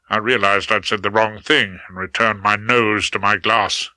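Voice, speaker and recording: A man's voice: lowish voice, fairly even intonation, normal speed, hardly any pauses, bright, forceful tone, no room sound, low-quality recording. A man reading a first-person audiobook with wry, dry humour. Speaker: audiobook narrator.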